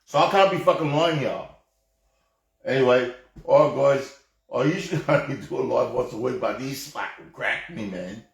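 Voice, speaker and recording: A man's voice: mid-range voice, normal speed, creaky. An Australian man ranting in a heated, rambling way on a live stream, swearing heavily and often restarting his sentences. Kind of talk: profane off-the-cuff rant. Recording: echoey room.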